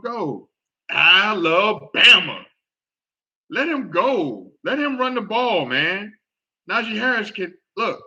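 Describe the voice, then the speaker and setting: A man hosting a casual football talk show, reacting out loud with groans and exclamations as he watches a game. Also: on the high side, muffled recording. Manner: animated, exclaims and groans at plays. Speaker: sports podcast host.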